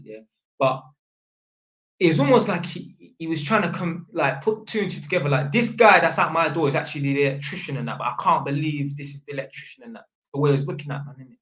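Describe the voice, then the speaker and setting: A man tells a story in a rambling, slang-heavy way, stopping and restarting often. His voice sits a little high for a man. The sound is roomy, with a clear echo around him. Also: a bit bright. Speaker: electrician. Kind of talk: storytelling vlog.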